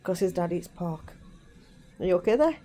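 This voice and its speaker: A woman's voice: fairly low pitch, lively intonation, normal speed, mellow, a little hiss or hum, poor audio. A woman chatting casually in her bedroom, rambling with many asides. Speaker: vlogger. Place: bedroom at home.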